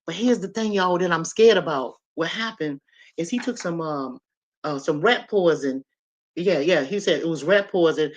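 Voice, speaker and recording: Chatty woman telling stories, lo-fi. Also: lowish voice. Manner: chatty, colloquial, animated storyteller. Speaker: livestream host. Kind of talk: casual chat and storytelling to viewers.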